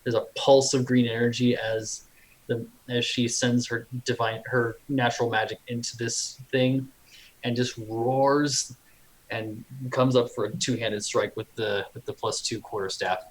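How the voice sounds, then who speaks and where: A man's voice: mid-range voice, flat delivery, measured pace, low-quality recording. A man playing a tabletop game, vividly describing his character's actions and thinking aloud about the rules. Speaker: player.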